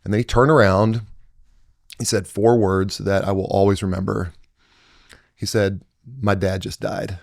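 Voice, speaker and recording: Earnest man with a lowish voice. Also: steady tone, moderate pace, gravelly, long pauses, a little mellow, no room sound, clean studio sound. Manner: earnest, emphatic, with many restarts. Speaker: podcast guest. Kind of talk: conversational storytelling.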